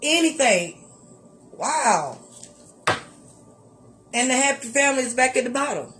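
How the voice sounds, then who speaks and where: A woman giving a tarot reading to her viewers, animated and exclamatory, repeating phrases for emphasis and calling listeners honey. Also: high-pitched, a little slow, noisy background. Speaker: tarot reader.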